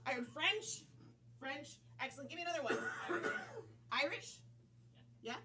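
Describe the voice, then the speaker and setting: A woman's voice: high-pitched, unhurried. A woman hosting a live improv comedy show, calling out to the audience for suggestions. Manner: lively, calls out to the audience. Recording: from far off, loud audience.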